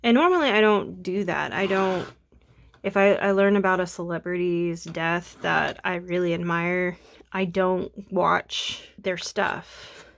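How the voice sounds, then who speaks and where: A woman's voice: lowish voice, measured pace, gravelly, fairly bright tone. A young woman chatting casually while she draws, rambling and self-deprecating, a bit sniffly from allergies. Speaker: art vlogger. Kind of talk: casual chat while drawing.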